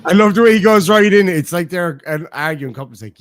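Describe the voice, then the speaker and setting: A man's voice: sits high, expressive, brisk, a little hiss or hum. Swearing Irish man streaming. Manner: heavy swearing, laughing, chatty. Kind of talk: casual stream commentary on clips.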